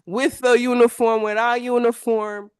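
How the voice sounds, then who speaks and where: A woman chatting casually about spiritual experiences, animated and slangy, laughing often. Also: a little high, a little slow, clear, resonant tone, dry recording. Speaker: podcast co-host.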